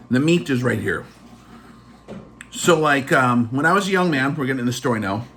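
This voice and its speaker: A man's voice: medium pitch, expressive, normal speed, fairly bright tone. A man hosting a casual vlog, telling a personal story in a chatty way full of fillers. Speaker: channel host.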